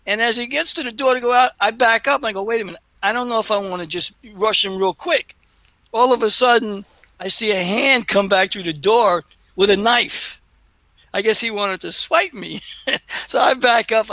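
A man's voice: high-pitched, pushed and bright, no echo, poor audio. A man co-hosting a casual chat show, telling a long rambling story with laughs and many fillers. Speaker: co-host.

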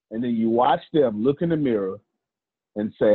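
A man's voice: mid-range voice, expressive, normal speed, slightly rough, dry recording. A man hosting a motivational group talk, preachy and playful, repeating words for emphasis. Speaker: host. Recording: tinny phone-like line.

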